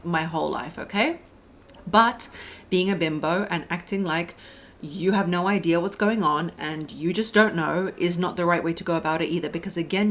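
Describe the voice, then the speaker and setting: A woman's voice: fairly low pitch, fairly bright tone, slight background noise. A young adult woman coaching on dating in a blunt, emphatic advice monologue, calling her listeners "my loves" and "girl".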